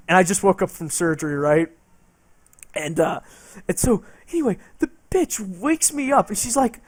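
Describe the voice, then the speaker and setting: A man's voice: high voice, expressive, unhurried, dry recording. A man streaming a game and telling a rambling story, swearing and laughing as he goes. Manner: rambling, profane, laughing between lines.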